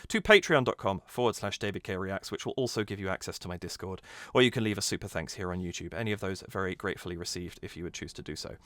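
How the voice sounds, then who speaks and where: A man with a lowish, pushed, bright voice hosts his own channel, reacting to a song and casually talking about musical theatre. He's enthusiastic and analytical, breaking down a lyric with plenty of restarts, in a dry, clean studio recording.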